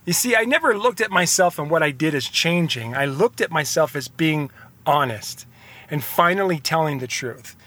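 A man's voice: fairly high pitch, lively intonation, normal speed, bright, forceful tone. A young man hosting a podcast, talking in an earnest, rambling, confessional motivational monologue. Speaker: podcast host.

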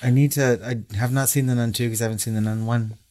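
A man's voice: mid-range voice, fairly even intonation, fast talker, dark tone. A man co-hosting a casual horror movie podcast, chatting and reading listener messages aloud. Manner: reads listener messages aloud, stumbles over words. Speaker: podcast co-host.

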